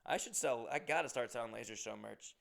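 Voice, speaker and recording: A man's voice: medium pitch, brisk, gravelly, a bit bright. A man hosting a podcast, telling rambling, self-deprecating stories and swearing often. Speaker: comedian and podcast host. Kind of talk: casual podcast monologue.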